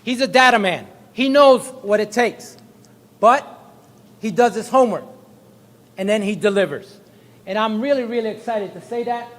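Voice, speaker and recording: A man's voice: moderate pace, long pauses, fairly bright tone. A man, a state representative, giving a jokey, effusive speech at a press event. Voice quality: high-pitched, booming, jokey and effusive. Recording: long hall reverb.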